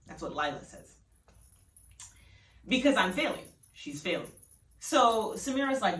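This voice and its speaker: A woman's voice: medium pitch, expressive, normal speed, long pauses, a bit bright. Chatty woman telling a story, far mic. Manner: chatty, filler-heavy. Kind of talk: casual storytelling. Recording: roomy, distant mic.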